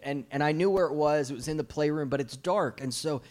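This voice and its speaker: Man preaching a lively storytelling sermon. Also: fairly high pitch, brisk, few pauses. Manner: animated storytelling with jokes. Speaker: guest preacher.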